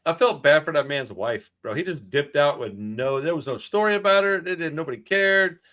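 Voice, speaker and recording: A man's voice: on the high side, expressive, fairly quick, sharp tone. A man with a slightly raised voice and a noticeable stutter talks casually on a movie podcast. He is blunt, swears freely and jokes around with his co-hosts. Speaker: podcast co-host. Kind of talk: casual chat.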